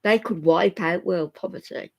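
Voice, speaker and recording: A woman's voice: on the low side, moderate pace, vocal fry, a little mellow. An older woman, chatting openly to viewers in a rambling way and reading out their comments. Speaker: vlogger chatting to live viewers. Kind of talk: emotional live chat.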